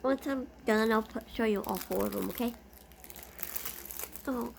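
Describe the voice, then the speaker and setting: Gushing high-voiced woman with gravelly fry. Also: a little slow, long pauses, background noise. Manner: gushing, easily delighted. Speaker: vlogger. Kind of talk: casual unboxing chat.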